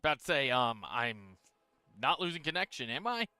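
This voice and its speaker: A man's voice: medium pitch, brisk, smooth, dry recording. Tired man casually narrating his gameplay. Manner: relaxed, talks through his moves while playing. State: tired, yawning. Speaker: streamer.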